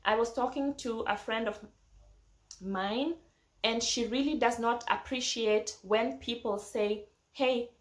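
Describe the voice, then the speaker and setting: A woman's voice: fairly high pitch, a little slow. Earnest woman vlogging in an echoey room. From not from Germany, living there. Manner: earnest, reflective, repeats phrases for emphasis. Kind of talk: casual talk to camera.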